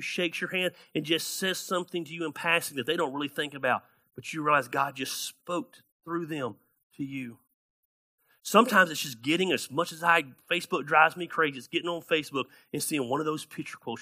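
Guy pastor preaching, bright voice, sits kinda high, gets really animated telling bible stories. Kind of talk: sermon.

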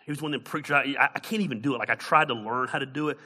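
A male pastor preaching a sermon who stammers and restarts often, swinging between loud, high preaching and quiet storytelling. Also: rapid-fire.

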